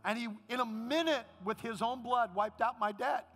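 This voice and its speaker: A man's voice: extremely high pitch, moderate pace, faint music behind. A man preaching a sermon as pastor, then leading the congregation in an emotional prayer. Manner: impassioned preaching, rising to a shout.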